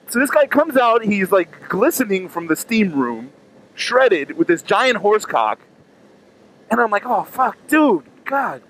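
A man vlogging a profane, animated story, acting out his own reactions. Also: high-pitched, low-quality recording. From Miami. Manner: animated, profane, acts out quotes. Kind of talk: casual storytelling.

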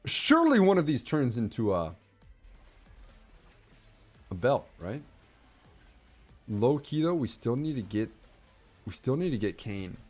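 A young male streamer narrating his own game in a casual, animated way. His pitch leaps around as he swings from quiet muttering to loud, excited outbursts, with faint music behind him. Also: a little slow, long pauses.

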